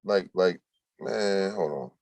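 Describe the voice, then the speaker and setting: Deep-voiced man hosting a casual livestream. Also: slow pace, a little mellow, dry recording. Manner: loose slangy talk, reading chat comments aloud. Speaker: livestream host.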